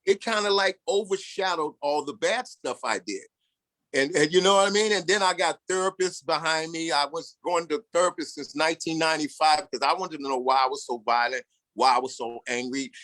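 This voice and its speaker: Earnest older man, somewhat high voice. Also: fairly bright tone, no echo. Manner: earnest and candid, acts out other people's lines in the story. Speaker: formerly incarcerated speaker. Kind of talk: personal storytelling talk.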